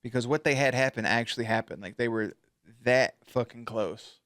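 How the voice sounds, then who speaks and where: A man hosting a casual reaction video, talking in a slangy, profane, animated way. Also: mid-range voice, moderate pace, no echo, clean studio sound.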